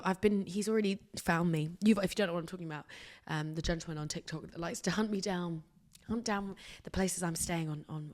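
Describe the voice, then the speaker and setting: A woman chats on her own podcast in a loose, rambling way. She mocks herself as she goes and jumps from loud outbursts to hushed whispers. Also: fairly low pitch. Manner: rambling, animated, self-mocking storytelling with sudden whispers. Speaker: podcast host. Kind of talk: casual solo podcast chat.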